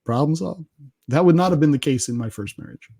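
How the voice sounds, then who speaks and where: A man's voice: on the high side, fairly quick, creaky, dark tone, breathy edge. A middle-aged man, a podcast guest, telling self-deprecating family stories in a casual interview, often laughing as he talks.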